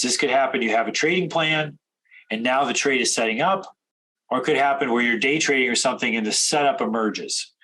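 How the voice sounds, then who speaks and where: A man coaching traders in a direct instructional talk, firing off rapid questions. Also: medium pitch, fairly bright tone, breathy edge, rough recording. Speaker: trading coach.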